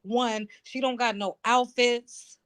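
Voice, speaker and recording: A woman's voice: fairly high pitch, fairly even intonation, takes it slowly, fairly bright tone, slight background noise. A woman calling in to a casual chat, talking bluntly and animatedly and swearing freely. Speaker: guest caller.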